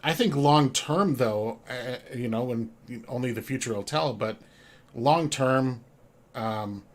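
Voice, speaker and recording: A man co-hosting a casual podcast, making his points slowly with hesitant restarts. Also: medium pitch. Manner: hesitant, halting, reasoned. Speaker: podcast co-host. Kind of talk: casual chat.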